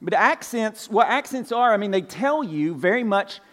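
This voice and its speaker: A man's voice: high-pitched, expressive, normal speed, a bit bright, big-room sound. A man in his forties from Georgia with a light Southern accent, preaching a conversational, folksy sermon to his congregation. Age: 40s. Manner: conversational, folksy, with fillers and asides. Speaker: pastor. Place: church sanctuary.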